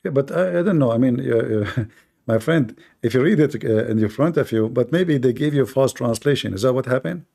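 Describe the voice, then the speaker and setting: A man hosts a live-streamed religious debate. His voice is gravelly and dark. He speaks emphatically, circling back to repeat points and pausing often with "uh". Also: mid-range voice, animated. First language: Arabic. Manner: emphatic, repeats himself, many hesitations. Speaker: debate host.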